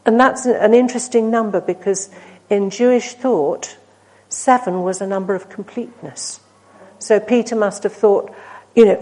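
A woman preaching a sermon, earnest and storytelling, swinging from emphatic peaks to hushed, near-whispered asides. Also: mid-range voice, moderate pace, hardly any pauses, low-quality recording. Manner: earnest, rising to emphatic then dropping to hushed.

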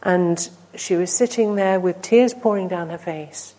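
A woman's voice: fairly low pitch, unhurried, poor audio. Earnest woman preaching a sermon. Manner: earnest, rising to emphatic then dropping to hushed.

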